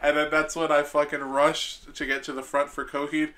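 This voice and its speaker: A man's voice: a little high, little pitch movement, normal speed, pushed and bright. A man co-hosting a podcast, telling crude anecdotes between laughs in casual chat. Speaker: podcast co-host.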